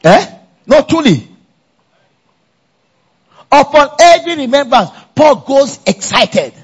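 A male pastor preaching a lively sermon at a church conference, calling out to the congregation for answers. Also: very high voice, takes it slowly, muffled recording. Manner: animated, call-and-response with congregation.

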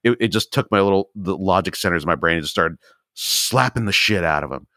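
A man in casual podcast chat, telling stories with animated asides and quoted reactions. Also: brisk, dry recording, studio quality. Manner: animated storyteller, jumps high when quoting himself. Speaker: podcast co-host.

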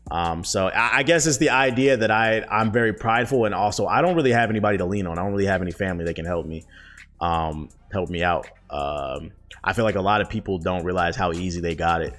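A man's voice: deep voice, fast, a bit bright, soft background music. A man in his twenties answering viewer questions in a loose, profane, slangy way with lots of fillers. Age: 20s. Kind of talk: casual chat.

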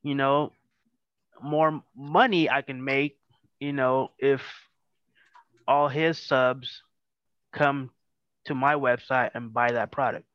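A man hosting a casual podcast over a video call, talking in a relaxed, stuttery way with lots of fillers. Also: medium pitch, slow, long pauses, clear, resonant tone, no echo, lo-fi sound. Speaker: podcast host. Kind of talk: casual chat.

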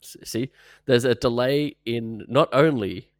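A man's voice: mid-range voice, a little slow, no room sound, clean studio sound. A man co-hosting a casual podcast, asking questions, hesitant and often laughing. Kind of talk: casual chat.

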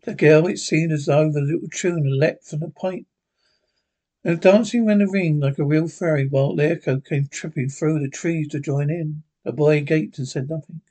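A man's voice: a little high, moderate pace, mellow. A man reading a classic horror story aloud, with small slips and restarts as he goes. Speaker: narrator.

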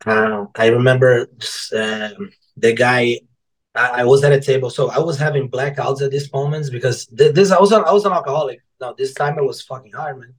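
A man's voice: medium pitch, brisk, poor audio. A man being interviewed on a podcast about his life as an author, telling stories casually in loose, rambling sentences, swearing freely and acting out what other people said. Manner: animated, swears freely, acts out quotes of coworkers and customers; loose, rambling phrasing with restarts.

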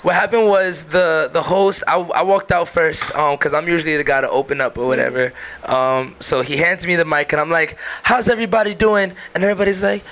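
Energetic man over faint background noise. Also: a little high, fairly quick, hardly any pauses. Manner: energetic, chiming in over others. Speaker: musician guest. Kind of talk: casual storytelling.

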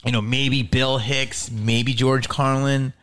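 A middle-aged man hosting a podcast, telling a profane, animated story in casual chat and acting out the quoted lines. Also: medium pitch, takes it slowly. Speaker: podcast host.

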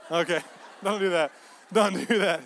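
Male pastor, high tenor, emphatic repetitive sermon delivery with soft-to-loud swings. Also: unhurried, some chatter behind, a little hiss or hum. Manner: emphatic, repeats phrases, swings between soft asides and loud peaks.

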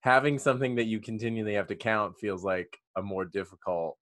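A man's voice: on the low side, brisk, fairly bright tone. A man interviewing a guest in mock-earnest fashion in an improv comedy bit.

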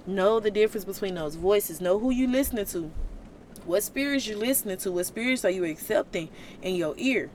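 Animated woman preaching casually. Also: mid-range voice, brisk, slight background noise. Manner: colloquial, animated, conversational. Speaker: Christian vlogger.

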